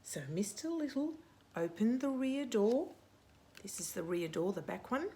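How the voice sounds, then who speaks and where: A woman's voice: a little high, sing-song, moderate pace, mellow. A middle-aged woman hosting story time, reading a picture book aloud to children with dramatic whispers and playful sound effects.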